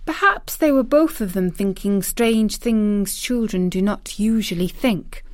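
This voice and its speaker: Slow, careful woman reading a story. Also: mid-range voice, no echo, clean studio sound. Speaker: narrator.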